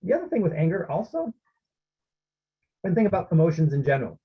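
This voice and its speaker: A man's voice: fairly high pitch, big pitch swings, fast talker, slightly rough, highs cut off. A man presenting an online parenting workshop, explaining steps and often checking in with his listeners.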